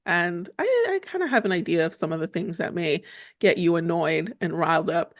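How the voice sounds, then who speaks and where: A woman's voice: lowish voice, expressive, fairly quick, no echo, studio quality. A woman co-hosting a family podcast, chatting casually with many fillers and easy laughter. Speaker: podcast co-host. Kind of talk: casual chat.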